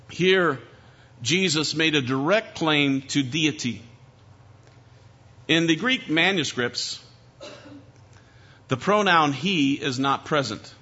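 Man, preacher, bright forceful voice, slightly high, dull lo-fi recording. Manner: earnest, emphatic preaching with repeated phrases. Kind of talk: sermon.

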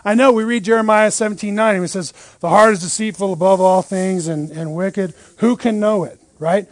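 High-voiced man teaching a Bible study. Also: fairly quick, no room sound. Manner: lively, rhetorical questions, frequent "right?".

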